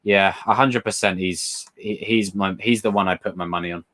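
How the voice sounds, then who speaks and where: Rambling young man, slightly low voice. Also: normal speed. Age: young adult. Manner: rambling, excitable, swears freely. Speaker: livestream host reading chat questions. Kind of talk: casual live chat.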